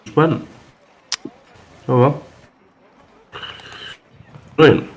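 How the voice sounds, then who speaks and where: A man's voice: on the high side, drawn-out words. A man playing a tabletop game, easygoing and cheery. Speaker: player.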